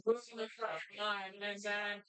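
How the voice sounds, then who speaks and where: A woman's voice: medium pitch, flat delivery, moderate pace, bright, forceful tone, clean tone, poor audio. A woman co-hosting a live podcast from a bar, chatting eagerly and casually about wrestling. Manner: chatty, enthusiastic wrestling fan. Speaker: podcast co-host.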